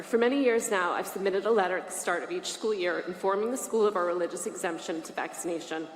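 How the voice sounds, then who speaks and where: A woman's voice: on the low side, quick pace, few pauses. Woman testifying earnestly in an echoey hall. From Massachusetts, USA. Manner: earnest, formal, emotional. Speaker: parent testifying at a public hearing. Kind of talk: reading prepared testimony. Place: large state legislative hearing room. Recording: echoey hall from mid distance, faint hiss.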